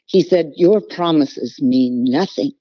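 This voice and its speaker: A woman's voice: low-pitched, slow, no room sound. A middle-aged woman, a podcast guest, telling a personal story earnestly and with feeling. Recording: dull, lo-fi podcast audio.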